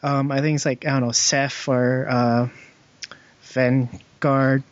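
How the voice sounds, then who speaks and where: A man's voice: mid-range voice, level tone, slow pace, dry recording. A young man co-hosting a casual gaming podcast, rambling with lots of fillers and frequent laughs. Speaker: podcast co-host. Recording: dull, dry lo-fi podcast audio.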